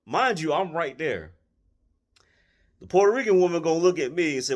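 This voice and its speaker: A man's voice: on the high side, expressive, normal speed. A man telling a personal story to his followers in a blunt, colloquial, emphatic way, often restarting and repeating phrases. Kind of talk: casual storytelling monologue.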